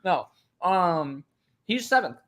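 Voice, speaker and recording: Young guy cohost, kinda high voice, gets hyped and laughs a lot. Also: slow. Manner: excitable, laughs often, swears casually. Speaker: co-host. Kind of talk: casual podcast chat.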